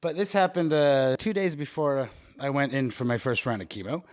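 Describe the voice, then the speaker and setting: A young man co-hosting a casual chat show, telling a story with lively voices for the people in it. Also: mid-range voice, moderate pace. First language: Swiss. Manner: animated storyteller, acts out quoted voices. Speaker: podcast co-host.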